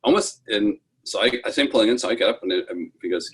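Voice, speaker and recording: A man's voice: fairly low pitch, quick pace, slightly rough. A man in his sixties from New York, telling a personal story over a video call in a rambling, self-correcting way, acting out the voices he quotes. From New York, United States. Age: 60s. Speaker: interviewee. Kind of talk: casual storytelling.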